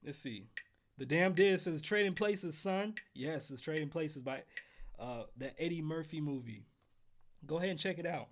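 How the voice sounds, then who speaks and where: A man hosting a casual livestream trumpet lesson from home, counting in exercises and chatting with viewers in a relaxed way. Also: fairly high pitch, normal speed, a little hiss or hum. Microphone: headphones while streaming.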